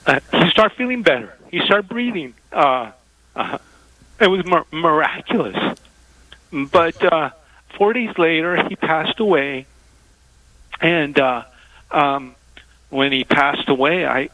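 A man phones in to a call-in radio show and tells a heartfelt personal story. He speaks haltingly and hesitates often. His voice is bright and forceful, and the sound is dry and close. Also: a little high, animated, no echo, rough recording. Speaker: caller.

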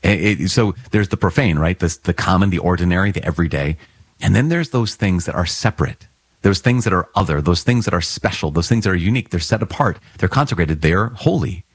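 A man with a deep, slightly husky voice gives an earnest Bible reflection in a relaxed, conversational way. He explains the reading like a patient teacher and often checks that his listeners are following. The recording is close and dry, with no room sound. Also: a little fast, dry recording. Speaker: priest.

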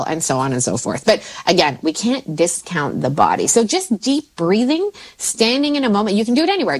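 A woman in her forties, a mindset coach, talking casually and jumping up in pitch when she quotes herself. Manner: animated, swoops into high pitch when quoting herself. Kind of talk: casual podcast chat.

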